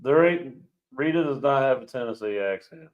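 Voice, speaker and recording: A man's voice: mid-range voice, animated, normal speed. Teasing man, lo-fi audio. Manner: teasing, laughs often. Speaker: co-host of live stream. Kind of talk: casual live-stream banter.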